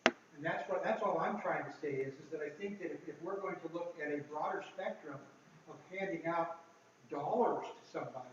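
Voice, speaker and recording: Male board member, muffled by a mask, distant echoey room, a bit high-pitched. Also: background noise. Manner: muffled, speaking through a mask; halting, repeats words. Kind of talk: meeting discussion.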